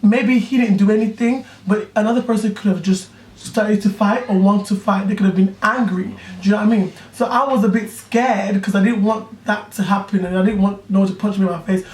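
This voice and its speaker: A young man tells friends a personal story in casual chat, animated and chatty, often checking in with his listeners. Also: sits high, a little fast, recorded from a distance. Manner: animated, chatty, keeps asking "do you know what I mean". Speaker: YouTuber telling a personal story. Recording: echoey room, voice off-mic, faint hiss.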